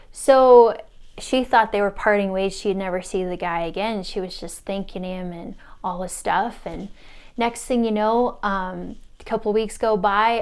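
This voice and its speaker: Chatty woman telling a story. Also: smooth. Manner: chatty, acts out quotes with big pitch jumps and laughs. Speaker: spiritual mentor. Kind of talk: casual storytelling to camera.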